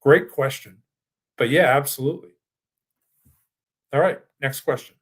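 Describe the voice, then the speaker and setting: A man's voice: mid-range voice, measured pace. Chatty older man hosting a finance webinar. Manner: chatty, with frequent restarts and asides. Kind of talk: casual presentation with live Q&A.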